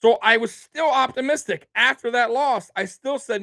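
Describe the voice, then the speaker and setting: A man's very high-pitched voice comes across pushed and bright at a moderate pace, with no room sound. He hosts a sports show and goes on an angry rant about his team, full of swearing, repetition, and "man" and "bro" tacked on.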